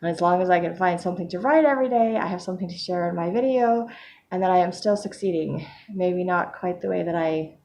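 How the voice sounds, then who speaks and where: A woman talks into her camera at home, keeping a candid video diary in a somewhat low voice. She speaks hesitantly and softly, with frequent fillers, and sounds a little worn from crying earlier. Faint background noise sits under the recording. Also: quick pace. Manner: hesitant, soft-spoken, many fillers. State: recently crying. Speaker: vlogger.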